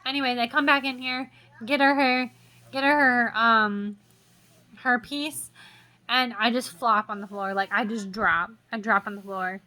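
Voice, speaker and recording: A woman's voice: a little high, fairly even intonation, a little slow, sharp tone. A young woman vlogger telling a story in a casual, rambling way, full of "like" fillers, still shaken and jittery.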